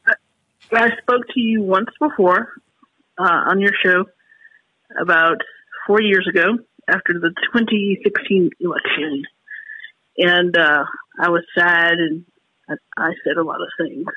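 A woman calling in to a talk radio show, talking in halting, emotional, frustrated bursts with many restarts. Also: lowish voice, pushed and bright, slightly rough, no room sound. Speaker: caller. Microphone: telephone. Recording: tinny phone line.

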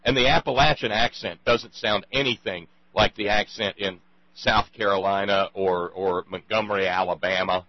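A man's voice: fairly low pitch, fairly even intonation, moderate pace, no echo, muffled recording. A man hosting a talk conversation, rambling and emphatic, with many restarts. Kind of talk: casual radio conversation.

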